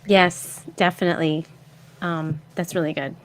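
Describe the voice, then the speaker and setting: A woman's voice: on the low side, fairly even intonation, a little slow, a little hiss or hum. A woman hosting a casual live stream, reacting and reading out viewer questions. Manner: reads audience questions aloud. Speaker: host.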